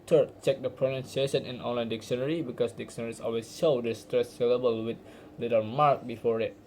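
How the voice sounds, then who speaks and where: Young man, student presentation, mellow voice, faint background hiss. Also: medium pitch, steady tone, brisk, low-quality recording. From Indonesia. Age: young adult. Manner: earnest, explanatory, with small restarts. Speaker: university student. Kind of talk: recorded class presentation.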